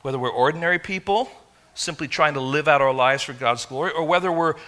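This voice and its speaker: A man from England, preaching a sermon in an animated, conversational storytelling way. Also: fairly high pitch, fairly quick. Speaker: pastor.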